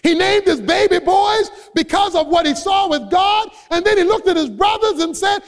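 A man with a very high voice for a man preaches a sermon. He is emphatic and builds from quiet asides to shouted high points, like a pastor working his congregation. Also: normal speed, few pauses, in a large hall. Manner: emphatic preaching, swinging between soft asides and shouted peaks.

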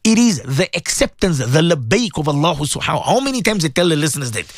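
A man hosting a morning religious radio talk show, animated and chatty, acting out what people tell him. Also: on the high side, fast talker, no echo, studio quality. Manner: animated, acts out callers' voices, heavy religious phrases.

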